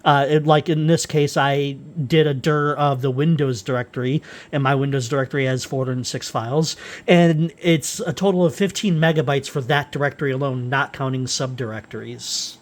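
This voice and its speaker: A man walking through software tools he wrote, unscripted and halting, with frequent fillers and restarts. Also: mid-range voice. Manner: rambling, halting, with many uhs and restarts. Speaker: software developer presenting his utilities. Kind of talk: unscripted screen-recorded software walkthrough.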